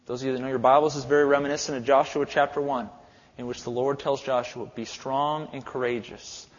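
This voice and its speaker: A man's voice: mid-range voice, level tone, fast talker. A male pastor preaching a sermon in a church, with an emphatic, repetitive cadence. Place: church sanctuary. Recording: echoey hall, dull lo-fi sound.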